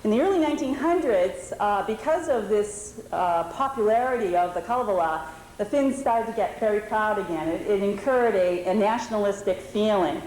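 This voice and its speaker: This presenter, a New England woman in her forties, addresses a historical society meeting in an indoor lodge hall. Her mid-range, darkish voice is animated and moves at normal speed as she explains informally, using fillers. The recording has a roomy hall sound and faint background noise.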